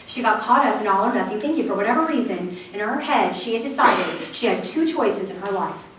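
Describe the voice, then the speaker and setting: Animated woman in an echoey hall. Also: medium pitch, brisk. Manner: animated storytelling with frequent laughs and acted-out quotes. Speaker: keynote speaker. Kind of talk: humorous motivational talk to a live audience. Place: large hall with a live audience. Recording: echoey hall, distant mic, audience noise.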